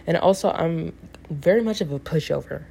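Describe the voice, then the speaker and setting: A young woman in her late teens speaks in a low, mellow voice. She rambles casually to the camera and leans on constant fillers. Her asides are self-deprecating. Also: normal speed, creaky, slight background noise. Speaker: student with a part-time job.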